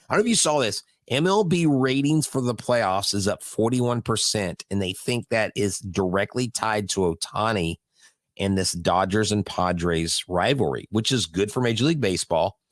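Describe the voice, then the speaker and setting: A man co-hosting a sports podcast in casual chat, animated and chuckling as he talks. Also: medium pitch, normal speed, dry recording. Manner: animated, chuckles mid-sentence. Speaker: podcast co-host.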